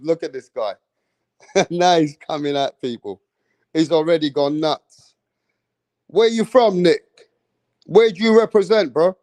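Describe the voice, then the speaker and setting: Hyped high-voiced man hosting a live stream. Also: a little mellow, dry recording. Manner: hyped, profane, slangy banter with chat. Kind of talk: casual live-stream chat with viewers.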